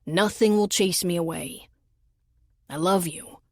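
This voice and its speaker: A tender, devoted firefighter, voiced by a woman narrator, speaking low and earnest in a romance audiobook. The voice sits a little low and gentle. The recording is dry and close. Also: measured pace, gravelly, no echo. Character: tender devoted male firefighter, adult man.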